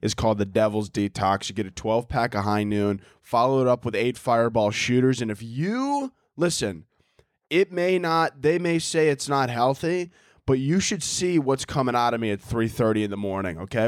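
A young man hosts his own podcast solo in a mid-range voice at a moderate pace, with clean studio sound and no room sound. His casual comedic monologue rambles, profane and self-mocking, as he laughs often at his own jokes.

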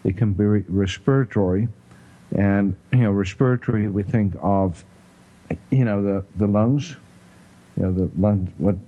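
South african guy talking health, low mellow voice, lots of you knows, kinda dull lo-fi sound. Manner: halting, full of "you know" and throat clearing. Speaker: health talk host. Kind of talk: casual explanatory chat.

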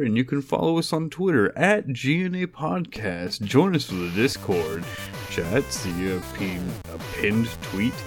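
A man co-hosting a podcast, joking loosely and then reading off the show's outro plugs. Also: lowish voice. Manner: loose, joking, then reads a plug list. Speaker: podcast co-host. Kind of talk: casual chat and outro.

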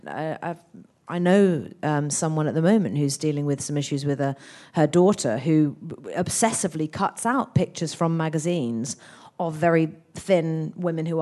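A woman actress chatting as a guest in an interview, telling stories in an animated, expressive way. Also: sits low. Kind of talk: anecdotal interview chat.

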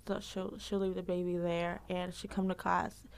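Gravelly-voiced woman fitness instructor. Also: fairly low pitch, moderate pace. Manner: lively, laughs often, many fillers. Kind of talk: casual interview answers.

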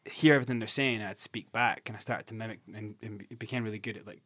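A man's voice: lowish voice, fast, no room sound, clean studio sound. A Scottish man in his forties, an interview guest telling his story candidly, swearing and restarting often. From Scotland. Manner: animated, swearing, many restarts.

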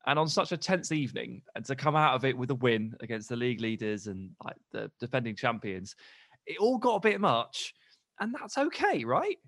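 A man's voice: mid-range voice, animated, normal speed, fairly bright tone, no echo, studio quality. A man co-hosting a casual football podcast who argues his points earnestly. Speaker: podcast co-host.

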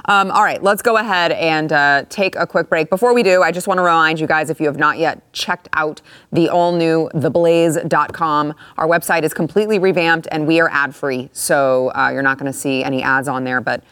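A woman hosting a political talk show, chatting casually with a sarcastic, animated edge. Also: low voice, moderate pace, clean tone, no room sound, studio quality. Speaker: show host.

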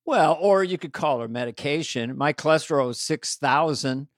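A man's voice: fairly high pitch, animated, normal speed, dry recording, studio quality. A man co-hosting a podcast in casual comedic chat, riffing and doing silly voices over a video call. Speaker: podcast co-host.

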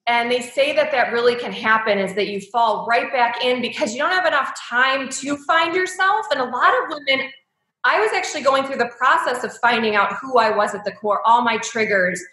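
A woman in her thirties tells her own story in an interview, open and heartfelt, her talk full of likes and ums. Her voice is bright and forward and sits a little high. The room around her rings with echo. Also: brisk. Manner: candid, emotional, speaks with many likes and ums. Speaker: guest.

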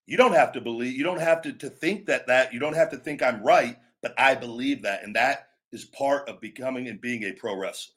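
A middle-aged man holds forth with blunt, forceful conviction, punching his points hard. He breaks into loud, stretched-out catchphrases to show how they should land, then drops back to plain talk. His voice sits in an ordinary middle register. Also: mid-range voice. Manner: emphatic, blunt, acts out catchphrases with shouts and drawn-out words. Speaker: podcast host and former pro wrestler. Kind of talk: opinionated casual talk.

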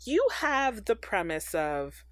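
Animated, sarcastic woman ranting in a dry room. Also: mid-range voice, slow pace, no room sound. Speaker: podcast co-host. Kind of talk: casual chat reviewing a TV episode.

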